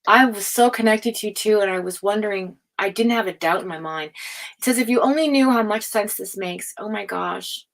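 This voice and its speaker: A woman hosting a live tarot stream, chatting casually, reading out viewer comments, laughing often and slipping into hushed asides. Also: medium pitch, a little fast, gravelly.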